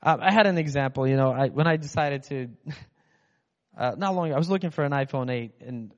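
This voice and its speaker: Speaking briskly at a medium pitch, a preacher from Russia rambles through a casual, conversational sermon and plays out inner voices as he goes. The sound is dull, with a long hall reverb.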